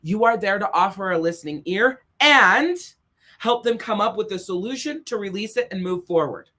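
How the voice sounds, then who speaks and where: A woman's voice: medium pitch, expressive, normal speed, sharp tone. A woman life coach giving a blunt, emphatic motivational talk, swearing often and repeating points for emphasis. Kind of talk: motivational monologue.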